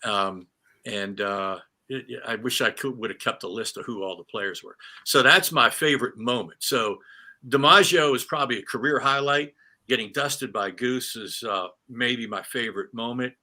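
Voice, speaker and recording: A middle-aged man, a retired sportscaster, telling animated stories in a casual interview, with many restarts and fillers. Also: medium pitch, normal speed.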